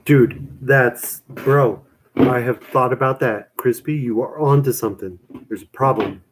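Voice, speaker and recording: A young man talking in a loose, rambling way, tossing "man" and "dude" into nearly every line. His voice sits at an everyday middle pitch, and he chats casually with people watching, poking fun at himself as he goes. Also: a little slow, slight background noise, poor audio. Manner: rambling, self-mocking, full of "man" and "dude". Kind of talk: casual chat reacting to chat.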